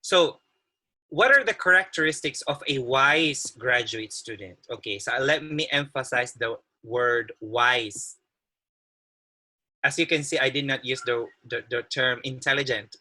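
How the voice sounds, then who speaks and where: Man speaker on a video call, very bright tense voice, friendly, laughs a lot, restarts his sentences. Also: medium pitch, unhurried, rough recording. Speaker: guest speaker, occupational therapist. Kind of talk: webinar presentation.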